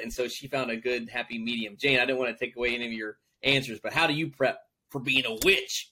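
A man's voice: medium pitch, steady tone, quick pace, few pauses, sharp tone. A man hosting a podcast interview, chatting casually, teasing his guests and laughing often. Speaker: podcast host.

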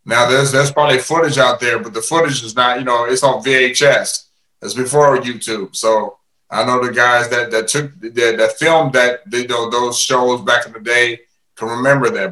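An animated man chats casually as a podcast guest, tripping over his first words and repeating them before they come out. His voice carries a roomy echo, sitting in the middle range of pitch. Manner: animated, repeats words when starting sentences, laughs often. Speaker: podcast guest, former fighter.

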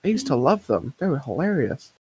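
Lively low-voiced woman, dry close sound. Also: husky. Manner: animated, playful, quick to agree. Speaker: podcast co-host. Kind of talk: casual chat recapping a TV episode.

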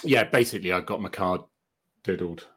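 A man's voice: low voice, brisk, fairly bright tone, husky. A man co-hosting a live online chat in a joking, chatty way, easily flustered by technical trouble. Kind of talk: casual live-stream chat.

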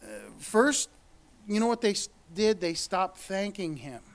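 A man's voice: sits high, expressive, unhurried. A man preaching a sermon and reading scripture aloud, earnest, repeating words and rising for emphasis.

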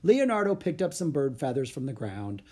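An expressive storybook narrator whose voice is slightly husky and whose pitch moves about with lively variety. The reading is clear and steady. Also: normal speed.

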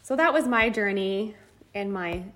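Animated woman telling a personal story. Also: medium pitch, measured pace, a little hiss or hum. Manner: animated storyteller, acts out quotes, laughs and swears. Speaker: podcast co-host. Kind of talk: casual chat.

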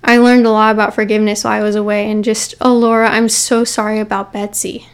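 A woman's voice: medium pitch, little pitch movement, fast, smooth, close to an everyday voice. A woman voicing a remorseful middle-aged mother who pleads tearfully, breaking off and repeating herself. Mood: pleading.

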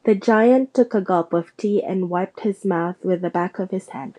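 A woman narrating a storybook aloud in a steady, measured way. Her voice is mellow and dark, at an ordinary pitch. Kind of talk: audiobook reading.

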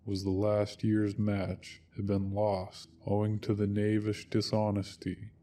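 A man's voice: on the low side, monotone, measured pace, dark tone, recorded from a distance. A man narrating a wry first-person story in a dry tone.

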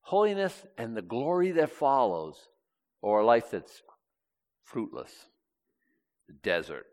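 A man preaching a sermon, reading scripture aloud and swinging between loud and hushed delivery. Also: mid-range voice, huge pitch swings, slow.

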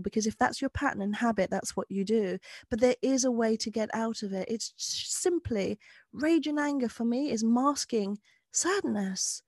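A woman speaks as a guest on a podcast, sharing frank, earnest advice drawn from her work with clients. Her voice sits fairly high. It is recorded dry and close, with little room sound. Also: lively intonation, moderate pace, a little mellow, no room sound. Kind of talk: podcast conversation.

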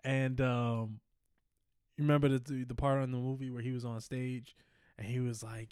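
A man's voice: mid-range voice, steady tone, normal speed, darkish tone, clear, resonant tone, no room sound, clean studio sound. A man co-hosting a casual podcast, telling a long story with lots of laughter and acted-out quotes. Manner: rambling, laughs often, acts out quotes. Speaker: podcast co-host.

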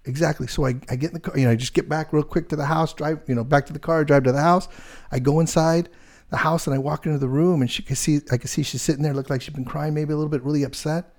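Telling a story in a relaxed chat, a middle-aged man who works in real estate rambles animatedly, using plenty of fillers. He speaks quickly, in a somewhat high voice.

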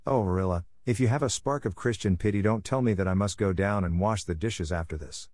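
A man reading the lines of an excitable orphan girl, pleading in a gushing, dramatic way. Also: lowish voice, a little fast, no echo, studio quality, lightly acted. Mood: despairing.

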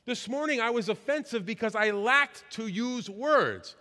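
Self-deprecating pastor with a high voice. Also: male voice, expressive, pushed and bright. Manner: conversational and self-deprecating, with slow emphatic pauses. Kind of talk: sermon. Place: church sanctuary. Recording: long reverb of a church hall.

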